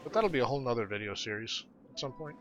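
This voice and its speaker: A man's voice: medium pitch, expressive, quick pace, dull audio. A man hosting a gaming video, chatting casually and rambling as he plays. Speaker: gaming video host and streamer. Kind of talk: casual gameplay commentary. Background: game music.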